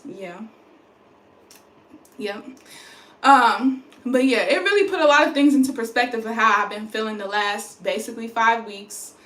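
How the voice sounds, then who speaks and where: A young woman chats casually to her phone camera about her pregnancy, rambling and sounding tired. Her fairly high, slightly bright voice moves at a moderate pace with frequent pauses. The recording carries a roomy echo.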